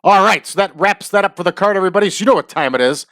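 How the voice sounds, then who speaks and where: A man talking casually over a wrestling booking game, with chatty asides and drawn-out hype calls. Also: high voice, expressive, a bit bright, no echo, clean studio sound. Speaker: wrestling sim game host.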